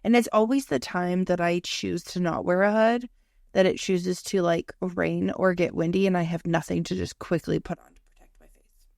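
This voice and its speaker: A young woman with a lowish, gravelly voice chats loosely on a podcast. She tells her stories with swearing, laughs, and quick acted-out quotes. Her sound is close and dry. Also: fairly even intonation, darkish tone, no echo. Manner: chatty storyteller, swearing, laughing, acting out quotes. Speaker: podcast co-host. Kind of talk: casual chat.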